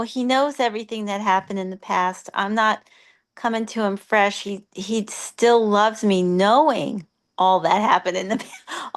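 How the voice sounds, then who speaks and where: Woman participant, unhurried delivery, gentle and thoughtful. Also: medium pitch. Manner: gentle, thoughtful, with soft laughs. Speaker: group participant. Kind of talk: casual reflective sharing.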